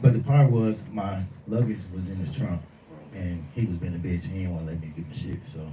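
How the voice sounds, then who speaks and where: A man's voice: deep voice, a little fast, slight background noise. A man doing stand-up at a live lounge show, ranting through a profane story and acting out every quote. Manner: profane, animated, rants and acts out quotes. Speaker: stand-up comedian. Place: lounge venue with live audience. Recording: roomy venue, distant mic, faint crowd.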